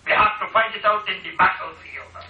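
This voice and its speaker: A man's voice: high voice, expressive, moderate pace. A man preaching, voicing a proud doomed warrior king in a declaiming tone. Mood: defiant. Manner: defiant, declaiming. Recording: echoey hall, distant dull mic.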